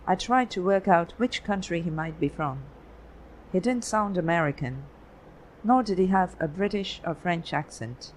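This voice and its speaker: An audiobook narrator reading a story in a steady, unhurried way. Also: medium pitch, a little hiss or hum, poor audio. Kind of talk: scripted narration.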